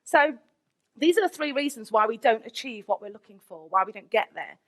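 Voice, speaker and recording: A woman, a teacher giving a candid, lively conference keynote with asides to the audience. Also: fairly high pitch, fairly quick. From England, Nottingham.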